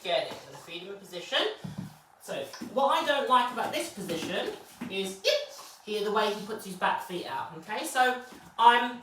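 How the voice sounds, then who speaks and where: Lady training her puppy, swings from calm explaining to squeaky praise, far from mic, big echo. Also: normal speed, noisy background. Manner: explains calmly, then bursts into high excited praise for the dog. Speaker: dog trainer. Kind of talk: live training session commentary. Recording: very echoey, distant from the mic.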